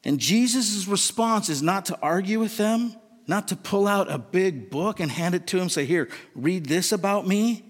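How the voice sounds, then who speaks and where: A man's voice: high-pitched, lively intonation, normal speed. A man preaching a sermon in an earnest, questioning, conversational way. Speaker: pastor. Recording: long reverb of a large hall.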